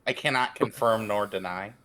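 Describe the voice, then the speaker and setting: A man playing in a tabletop game, giving dry, deadpan replies. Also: on the low side, normal speed. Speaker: player. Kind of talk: casual tabletop play.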